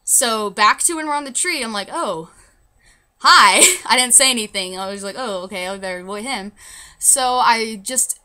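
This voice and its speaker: A woman's voice: a little high, moderate pace, bright, forceful tone. A young woman telling a story to camera in a casual vlog, rambling with many restarts and fillers. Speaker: vlogger.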